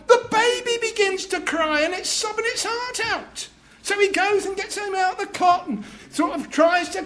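A man preaching a sermon, deliberate and emphatic, joking with his audience between points of doctrine. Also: very high voice, fairly bright tone.

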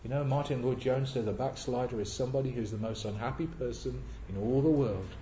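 A man's voice: mid-range voice, fairly quick, dark tone, slight background noise. A man preaching a sermon earnestly, asking rhetorical questions and repeating key words for emphasis. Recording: echoey, dull lo-fi church recording.

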